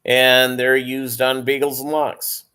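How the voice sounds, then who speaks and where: Tired male livestream host, slow and rambling, filler-heavy casual chat with viewers. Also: mid-range voice, level tone, sharp tone, clean tone. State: tired, yawning.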